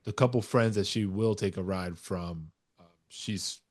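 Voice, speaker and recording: A man from New York co-hosting a dads' podcast, his voice a bit low. He tells his stories with animated energy and drops swear words casually as he goes. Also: a little slow. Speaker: podcast co-host. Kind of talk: casual chat.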